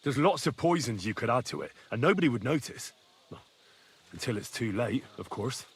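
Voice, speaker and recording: A man's voice: medium pitch, expressive, fairly quick, slightly rough. An actor playing a young man, the protagonist, who sounds wry and observant. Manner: wry, dry, thoughtful. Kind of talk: video game dialogue.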